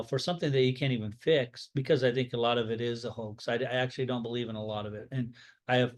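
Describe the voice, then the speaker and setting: Rambling man teaching a Bible study. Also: medium pitch. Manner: rambling, off-the-cuff, with many fillers and restarts; opinionated, tells stories with lively acted-out dialogue. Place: Florida.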